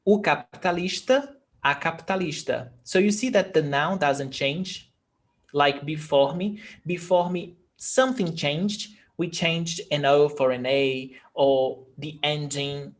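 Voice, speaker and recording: A man from Brazil teaching a Portuguese lesson, patiently repeating each word for his students. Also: fairly high pitch. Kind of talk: language lesson explaining grammar.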